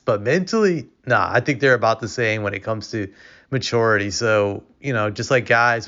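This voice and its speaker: A man's voice: mid-range voice, fairly bright tone. A man giving casual, opinionated commentary as a vlogger, rambling with frequent restarts. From United States. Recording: dull lo-fi recording.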